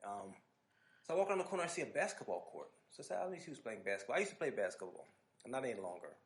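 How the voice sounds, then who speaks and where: A man hosting a podcast, telling an animated, casual story full of restarts and asides. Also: mid-range voice, rapid-fire. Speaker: podcast host.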